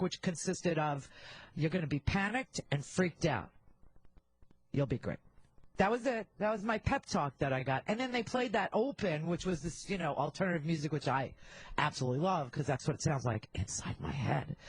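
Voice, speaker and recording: A woman's voice: on the low side, slightly rough, no echo, poor audio. A middle-aged woman hosting a talk radio show, riffing in a candid, rambling way with joking asides into a handheld studio mic. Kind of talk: casual radio monologue.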